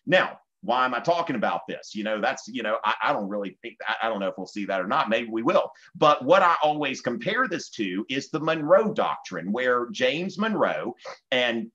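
A man's voice: mid-range voice, big pitch swings, normal speed, sharp tone, dull audio. A man from Virginia with a Southern US accent, teaching history in a conversational exam-prep lecture with many fillers.

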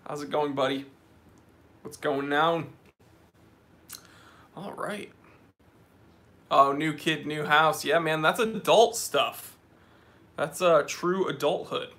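A man's voice: a little high, slow, long pauses, bright, forceful tone. A man hosting a casual live stream from an office, reading out viewer names and comments in a chatty, joking way.

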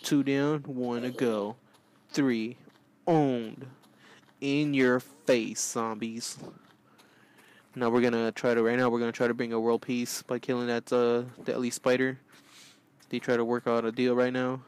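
A man hosting a let's play with goofy, excitable commentary, often yelling out. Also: medium pitch, a little slow, smooth. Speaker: gaming channel host.

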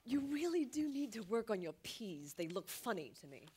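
A woman's voice: sing-song, normal speed, warm tone, a little hiss or hum. A woman acting as a scheming wife who poisoned her husband, sugary and falsely sweet, in a live stage musical. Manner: sugary and falsely sweet, turns shrill when cornered.

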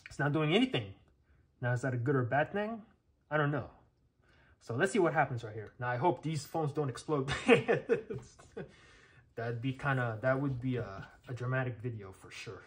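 At a normal pace and medium pitch, a man gives expressive, casual commentary while testing tech hands-on for the camera. He guides viewers through every step, chatty and full of fillers as he thinks aloud and checks.

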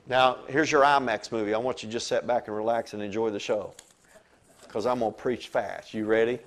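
A male pastor preaching a lively sermon, telling stories and swinging between soft asides and loud exclamations. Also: medium pitch, fairly quick.

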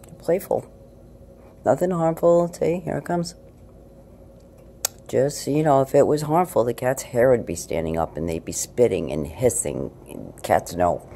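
A woman's voice: very deep voice, measured pace, long pauses, mellow, a little hiss or hum. A woman filming a casual night-time vlog at home on a handheld camera, chatty and spiritual, sometimes slipping into baby talk with her cat. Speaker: paranormal video blogger.

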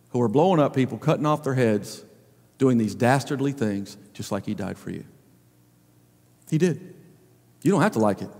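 Male pastor, high voice, emphatic preaching, long hall reverb. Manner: swings between loud emphatic lines and low quiet ones. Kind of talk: sermon.

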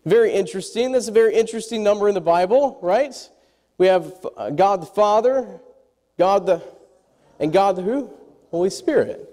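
A man preaching a sermon to a congregation, animated and quizzing his listeners as he goes. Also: sits high, brisk, big-room sound. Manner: animated, asks the congregation questions. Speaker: pastor.

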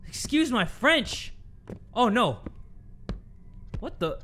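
Here a young man plays a horror game for his YouTube viewers, jumpy, cursing frequently and letting out shrieks at scares. His high, fairly bright voice swings hugely in pitch, and he takes things slowly with long pauses.

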